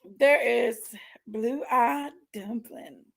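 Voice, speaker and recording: A woman hosting a casual livestream chat, rambling and greeting each viewer by name with drawn-out, effusive exclamations. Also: on the high side, creaky. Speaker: livestream host.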